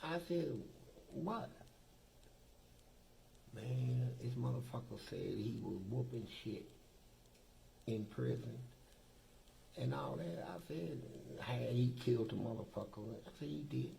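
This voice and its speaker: A man's voice: medium pitch, lively intonation, slow pace, gravelly, pauses often, warm tone, slight background noise, poor audio. A man from Kentucky telling profane, streetwise stories in casual talk as an interview guest, acting out the dialogue. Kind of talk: casual storytelling.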